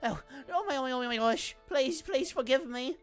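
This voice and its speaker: A woman's voice: high voice, sing-song, a little slow, a bit bright, faint music behind, pitched above the performer's own voice, exaggerated voice. A woman voicing a panicky young palace servant who stammers and apologises in a flustered way.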